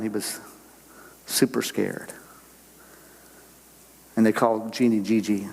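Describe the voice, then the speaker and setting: A man's voice: lowish voice, creaky, a little mellow, in a large hall, low-quality recording. An older man preaching a sermon to a church congregation in a folksy, conversational way, full of rhetorical questions. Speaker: guest speaker on missions. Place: church sanctuary.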